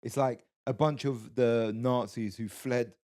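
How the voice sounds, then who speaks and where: A man's voice: mid-range voice, fairly even intonation, unhurried, darkish tone. A man co-hosting a podcast, teasing his co-host bluntly and swearing freely. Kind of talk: casual banter.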